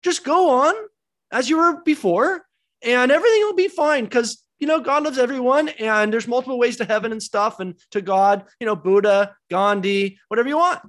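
Man doing a breezy, high-pitched mock apostle. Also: normal speed, fairly bright tone. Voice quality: high mocking sing-song. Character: flippant easygoing apostle, man, dismissive and breezy.

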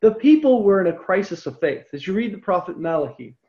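Scripture lecturer, emphatic and lively, dull low-fidelity recording. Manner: animated, emphatic, slows down on key points. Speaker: Bible teacher.

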